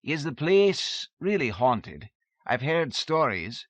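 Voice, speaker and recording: A man voicing a polite, deferential male groundskeeper who speaks in a hesitant, slow way, in a dull, dry recording. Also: mid-range voice, big pitch swings, fairly bright tone, no room sound, pitched above the performer's own voice. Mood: polite curiosity.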